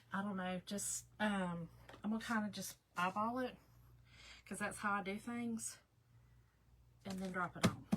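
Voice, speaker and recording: A woman's voice: fairly high pitch, sharp tone, low-quality recording. A middle-aged woman, chatting casually with viewers while hosting a craft livestream. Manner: chatty, talks to viewers by name. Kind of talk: casual chat.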